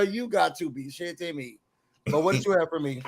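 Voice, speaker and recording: Male co-host, casual recap chat, animated storyteller, higher-pitched voice. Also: brisk. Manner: animated, acts out quotes in a raised voice.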